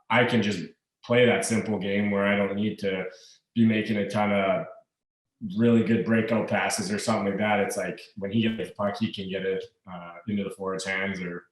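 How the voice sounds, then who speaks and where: A man's voice: on the low side, echoey room, recorded from a distance, low-quality recording. A man in his thirties, a hockey player guest, chatting easily with lots of fillers and restarts. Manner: easygoing, halting with fillers and restarts. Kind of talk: casual interview chat.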